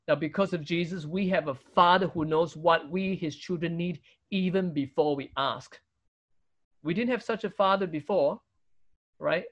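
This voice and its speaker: A man's voice: on the high side, normal speed, a bit bright, muffled recording. A man with a Singaporean English accent preaching a sermon, emphatic, with rhetorical questions and frequent tag "right?". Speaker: pastor.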